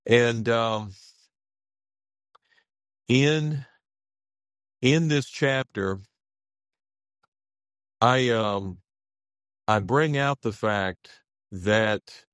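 Pastor guy talking real slow n low, keeps restarting, dry sound. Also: a bit bright, dry recording. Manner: halting, with frequent restarts. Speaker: pastor and author. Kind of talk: radio interview answers.

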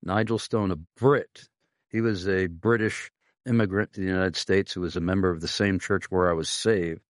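Host: middle-aged man, very low voice, dry close sound, measured delivery with many pauses. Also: steady tone, dry recording. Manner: measured, pausing often with "uh". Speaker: pastor and podcast host. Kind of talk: conversational interview.

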